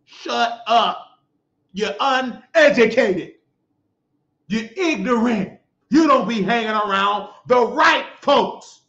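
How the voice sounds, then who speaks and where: A man hosting his own show, ranting in a preachy, scolding monologue with shouted outbursts. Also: very high voice, animated, takes it slowly, vocal fry. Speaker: show host. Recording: dull lo-fi sound in an echoey room.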